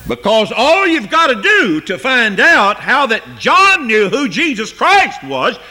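A man delivering a slow, unhurried sermon in a fairly high, bright voice. His pitch swings widely, soaring on the scripture he quotes and sinking low when he turns to asides. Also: big pitch swings. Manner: slow, rising to high emphatic peaks on scripture; drops low and quiet on asides. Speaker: preacher.

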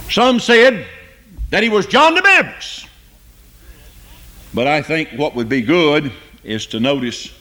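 Male preacher, high and bright tone, deliberate pace, emphatic on scripture. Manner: slow, rising to high emphatic peaks on scripture; drops low and quiet on asides. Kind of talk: sermon.

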